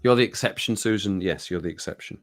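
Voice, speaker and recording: A middle-aged man from the English Midlands, speaking with his local accent in a lowish voice. He chats casually to viewers on a home livestream, rambling from one thing to the next and chuckling along the way. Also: fast. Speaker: livestream host. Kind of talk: casual chat with live viewers. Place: home streaming room.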